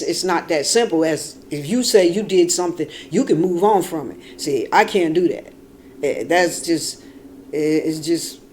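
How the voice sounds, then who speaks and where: A woman vlogging in casual talk, rambling and animated, dropping from quiet and low to loud outbursts, swearing freely. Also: slight background noise. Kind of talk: casual storytelling.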